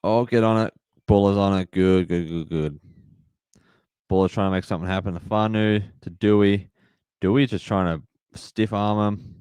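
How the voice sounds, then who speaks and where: A man hosting a live match-reaction stream, excitable and emotional, shouting at big plays. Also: lowish voice, normal speed, clear, resonant tone, no echo.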